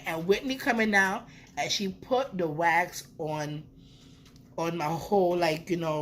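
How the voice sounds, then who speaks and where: A woman's voice: sits low, slight background noise. A young woman, telling a playful storytime vlog with swearing. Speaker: vlogger. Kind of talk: casual storytime.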